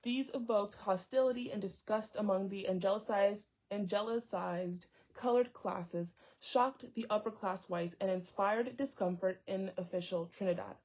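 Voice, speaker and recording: A woman's voice: mid-range voice, moderate pace, few pauses, darkish tone. A young woman reading a book aloud, stumbling over hard words and breaking off into chatty tangents. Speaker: book reader and commentator. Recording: dull lo-fi audio.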